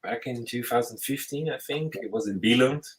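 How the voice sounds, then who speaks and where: A man's voice: medium pitch, normal speed, rough recording. A man hosting a podcast as a futurist, talking in a thoughtful, searching way with frequent restarts. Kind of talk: casual conversational interview.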